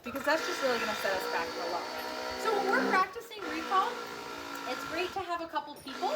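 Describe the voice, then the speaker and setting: A high-pitched woman dog trainer explains recall practice outdoors in a friendly, explanatory way. She is recorded from some distance, and steady background noise runs under her voice. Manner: friendly, explanatory, high excited calls to the puppy. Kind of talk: instructional demo. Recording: outdoor, distant mic, noisy.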